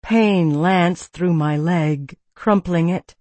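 A woman's voice: on the low side, slow pace, darkish tone, no room sound. A woman reading a first-person audiobook with tense, vivid storytelling. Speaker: narrator.

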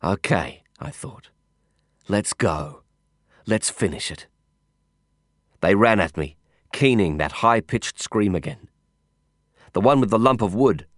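A man giving scripted first-person audiobook narration in a measured, intense storytelling manner. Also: on the low side, a bit bright, no echo, clean studio sound.

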